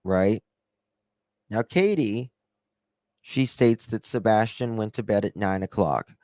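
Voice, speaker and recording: A man hosts a casual livestream from his home office through a desk microphone, rambling and repeating himself as he reads chat and talks things through. His voice is lowish, slow, and darkish with no echo, and birds chirp through an open window.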